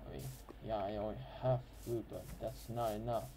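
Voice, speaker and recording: A man's voice: on the low side, steady tone, moderate pace, music in the background, low-quality recording. A man giving casual, rambling game commentary as host, often correcting himself mid-sentence. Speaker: gameplay host.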